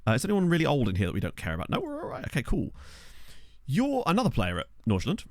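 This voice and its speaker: Chatty male game streamer, lively pitch. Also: fast talker, no room sound, studio quality. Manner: chatty, thinking aloud and addressing viewers. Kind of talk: casual live-stream game commentary. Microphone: desk microphone.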